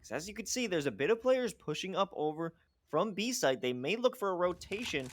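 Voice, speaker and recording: A man calling live esports play-by-play, excitable, pushing his voice up on big plays. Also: high voice, a little fast. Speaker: play-by-play caster.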